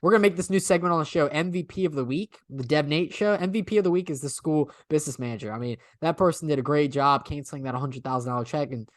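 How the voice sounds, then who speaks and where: A man co-hosting a podcast in casual chat. He is animated, laughs often and lets his sentences trail off. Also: fairly high pitch, fast talker, few pauses, dry recording, studio quality. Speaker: podcast co-host.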